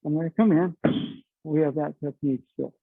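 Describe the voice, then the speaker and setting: Middle-aged male instructor, high gravelly voice, talky and explaining, dry tinny recording. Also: moderate pace, no echo. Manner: chatty, explains with frequent "you know" and "okay". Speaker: martial arts instructor. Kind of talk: teaching a class on the mat. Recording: dry, tinny phone-like sound.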